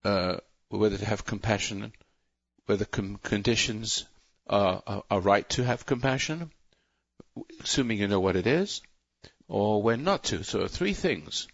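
Radio call-in host, male, low gravelly husky voice, rambling sermon-like monologue on a muffled broadcast. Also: measured pace, no room sound. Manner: rambling, self-interrupting, preachy.

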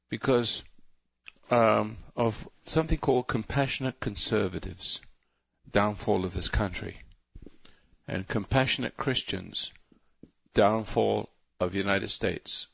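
Radio call-in host, male, low gravelly husky voice, rambling sermon-like monologue on a muffled broadcast. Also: a bit bright, dry recording. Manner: rambling, self-interrupting, preachy.

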